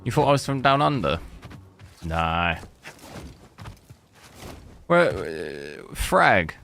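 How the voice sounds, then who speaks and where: A man's voice: low-pitched, big pitch swings, very slow, gravelly, a bit bright, faint music behind. A young man from the south coast of England with a southern English accent, chatting casually with his stream chat while playing a game. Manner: chatty, answers chat with jokey asides. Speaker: gaming streamer. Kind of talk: casual live gameplay commentary.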